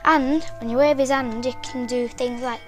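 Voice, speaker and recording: A woman's voice: sits high, fairly even intonation, moderate pace, over music, poor audio. A woman with a British accent demonstrating toys in a casual, rambling way and often correcting herself. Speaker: toy reviewer.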